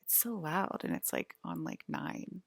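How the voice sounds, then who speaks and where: Gravelly, low-voiced young woman rambling. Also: wildly swooping pitch, measured pace, no echo. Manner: rambling, heavy filler words. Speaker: vlogger. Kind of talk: casual rambling story.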